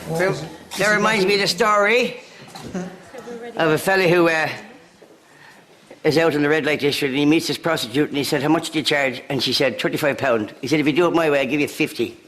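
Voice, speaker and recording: An Irish man telling quick-fire jokes to an audience, cheeky and laughing at his own punchlines. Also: on the high side, a bit bright, soft background music. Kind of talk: stand-up joke telling. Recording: noisy audience recording with laughter.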